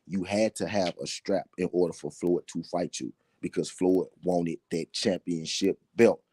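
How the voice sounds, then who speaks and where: Man, very low voice, husky, casual boxing commentary, emphatic. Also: fairly even intonation, a little mellow, dry recording. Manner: emphatic, repeats points slowly for effect. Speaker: boxing talk show host.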